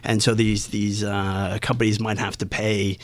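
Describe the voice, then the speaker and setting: A man with a lowish voice works through his explanations as an interview guest, hesitating often with fillers and restarts. The recording is dry and close, with little room sound. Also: level tone, normal speed, dry recording. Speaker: tax analyst guest.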